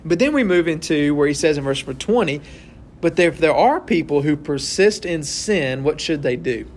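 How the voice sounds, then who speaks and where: In a slightly high, animated voice at normal speed, a man leads an interactive Bible study, chatting with the group, asking them questions, and ending points with "right?" He also acts out little scenes, with slight background noise behind him.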